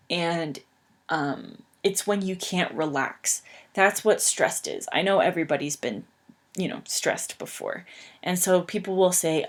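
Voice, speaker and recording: A young woman teaching an English lesson, patiently explaining words with plain fillers. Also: fairly low pitch. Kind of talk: slow English lesson, reading aloud.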